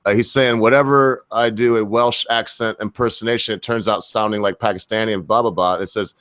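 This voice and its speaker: A man's voice: lowish voice, fairly even intonation, a little fast, fairly bright tone, smooth. A man hosting a live stream, chatting in a folksy, joking manner. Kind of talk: casual group chat on a live stream.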